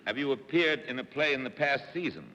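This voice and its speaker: Male panelist, crisp measured questions, animated intonation, lo-fi 1950s broadcast, hall reverb. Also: mid-range voice.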